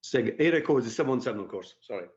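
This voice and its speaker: A man who learned the Queen's English talks as a firearms instructor on a live podcast, chatty and rambling with easy laughs. His voice is husky and the stream audio sounds dull. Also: mid-range voice, animated, racing. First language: British English. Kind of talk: casual live podcast chat.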